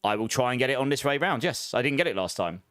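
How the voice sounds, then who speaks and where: A man's voice: medium pitch, expressive, quick pace, a bit bright, clean tone. A man giving casual, chatty gameplay commentary as a streamer, laughing often and humming little filler tunes. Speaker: game streamer.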